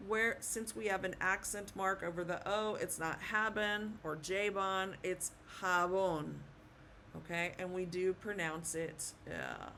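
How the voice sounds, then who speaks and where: A woman giving an online language lesson, slowly spelling out letters and repeating each sound patiently. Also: mid-range voice, gravelly, pushed and bright, a little hiss or hum. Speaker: Spanish teacher.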